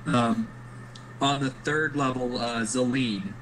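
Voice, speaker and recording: A man narrating part of an online tabletop game, halting with many fillers. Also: mid-range voice, fairly even intonation, a bit bright, slight background noise, poor audio.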